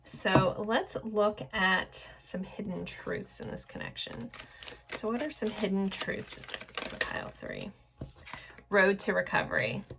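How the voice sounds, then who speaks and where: A woman's voice: medium pitch, sing-song, slow pace, vocal fry, noisy background. A woman in her forties giving a casual pick-a-card tarot reading, rambling and chatty with lots of filler words. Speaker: tarot reader.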